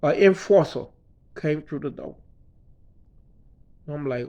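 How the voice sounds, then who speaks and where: Quiet man telling a story. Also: takes it slowly, lo-fi sound. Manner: quiet, low-key, dropping to a mutter, swears freely. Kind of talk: personal story told casually.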